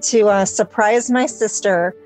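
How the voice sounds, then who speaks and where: A woman chatting on a podcast, telling a personal story hesitantly with many pauses and restarts. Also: medium pitch, a little mellow, faint music behind, low-quality recording. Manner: hesitant, lots of ums and restarts. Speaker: podcast guest. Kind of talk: casual chat.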